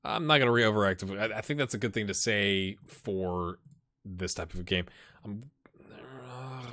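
A man gives casual let's-play commentary in a bright, pushed-forward voice, joking with his viewers and mumbling asides as he goes. The sound is close and dry, with no room around it. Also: lowish voice, moderate pace, no room sound. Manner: chatty, self-mocking, jokes and muttered asides. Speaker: gaming channel host.

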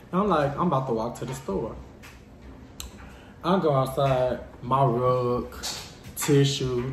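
A man telling a dramatic personal story to his vlog viewers in a lively, casual way. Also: medium pitch, roomy sound, a little hiss or hum. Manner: animated, dramatic storytelling addressing viewers as y'all. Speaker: vlogger.

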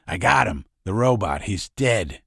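A man reading as a weary middle-aged father, quiet and worn down. His voice is low and even, close to the narrator's own. The recording is close and dry. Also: measured pace, gravelly, slightly rough, no room sound, exaggerated voice. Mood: terse.

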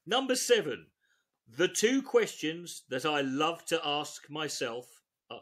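Bright, animated, giggly male comedy host. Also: on the high side, slow pace. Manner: giggly, sarcastic, swearing. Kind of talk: mocking read-through of a dating guide.

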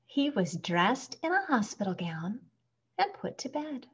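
Woman reading a storybook with lively expression. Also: on the high side, a little slow, breathy edge, highs cut off. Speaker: storybook reader. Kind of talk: picture book read-aloud.

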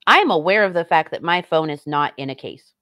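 A woman's voice: deep voice, lively intonation, fairly quick, a bit bright, no room sound, studio quality. A woman streamer giving casual commentary on clips and reading chat, sarcastic, blunt and mocking.

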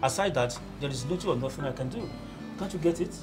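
A man's voice: mid-range voice, fast talker, music in the background, lightly acted. A man playing a cold dismissive Nigerian uncle. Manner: flat, dismissive. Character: cold, heartless middle-aged uncle. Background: film score.

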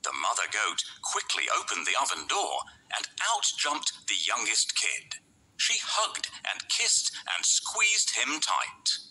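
Male storyteller, bright and husky, slow dramatic bedtime narration with whispered passages. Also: fairly low pitch, huge pitch swings, rough recording.

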